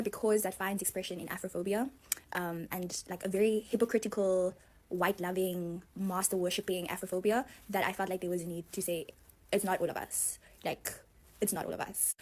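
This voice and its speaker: A woman's voice: fairly low pitch, a little mellow. A young woman from South Africa giving an impassioned, emphatic speech to other Africans. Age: young adult.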